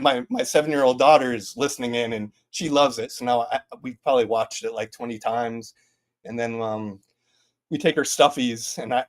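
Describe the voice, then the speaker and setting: A man in his thirties casually presenting game updates at a community town hall, rambling with lots of fillers and restarts. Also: medium pitch.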